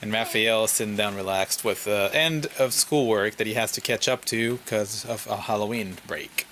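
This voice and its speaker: A man narrating a relaxed family home vlog in a low-key way. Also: normal speed, a little hiss or hum. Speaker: vlogger father.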